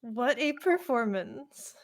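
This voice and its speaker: Slow, gushing female host. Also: fairly high pitch, lively intonation. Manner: gushing, polite. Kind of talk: casual wrap-up chat.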